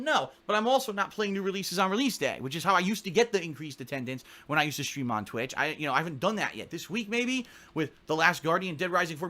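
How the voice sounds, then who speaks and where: Bright-voiced man explaining to his viewers. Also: high-pitched. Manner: earnest, explanatory, repeats points for emphasis. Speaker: streamer addressing his viewers. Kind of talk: monologue video update to viewers.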